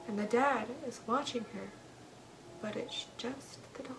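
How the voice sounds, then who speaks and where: Animated woman casually retelling a spooky tale. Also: a little high, measured pace, long pauses, noisy background. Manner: animated, acts out quoted lines, many "he goes" and "like". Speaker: storyteller.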